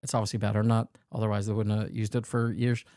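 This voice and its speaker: A man's voice: on the low side, quick pace, creaky, no echo. Guy rambling thru sweary stories on a podcast, dry close sound. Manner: rambling, sweary, animated anecdotes with acted-out dialogue. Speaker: comedian podcast host. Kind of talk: casual storytelling chat.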